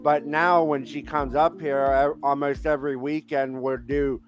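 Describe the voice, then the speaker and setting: A man talks slowly in a plain-spoken, halting manner during a casual chat. His voice sits at a mid pitch. Faint music plays in the background. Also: little pitch movement. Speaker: guest.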